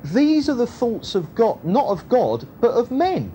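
A man preaching a sermon, shifting between loud emphasis and quiet, low asides. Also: wildly swooping pitch, a little slow, slight background noise. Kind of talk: sermon, Bible teaching.

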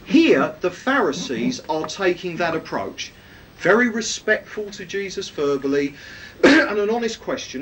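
A man's voice: very animated, measured pace, a bit bright. A man preaching a sermon, teaching from the Bible and often asking his listeners questions. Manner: emphatic, rhetorical questions to listeners. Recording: distant mic, faint rumble.

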